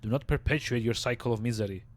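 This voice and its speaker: A frail, ancient keeper of the dead speaks in a raspy, hushed rasp, put on by a man reading a game aloud. His words come slow and grave, weighed down by weariness. The voice sits low and quiet. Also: close to an everyday voice. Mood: warning. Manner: slow solemn speech broken by coughing rasp. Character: frail ancient male mortuary scribe, grave and weary.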